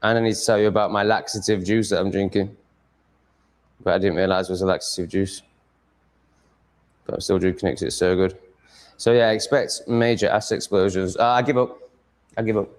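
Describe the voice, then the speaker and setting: Low-voiced male vlogger, home setting, foul-mouthed and exasperated, rambling casual monologue. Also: level tone, a little fast, pauses often. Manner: sweary, exasperated ranting. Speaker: vlogger setting up a live stream.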